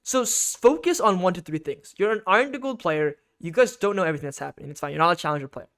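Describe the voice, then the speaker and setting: A man's voice: high-pitched, expressive, fast talker, a bit bright. A man giving an instructional game guide as a coach, emphatic and repetitive, often checking in with "okay?".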